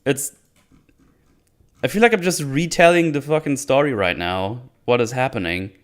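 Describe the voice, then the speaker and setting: A man's voice: medium pitch, fairly quick. A man giving casual spoken commentary as a reviewer, sarcastic and rambling, often breaking into laughter. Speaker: video reviewer.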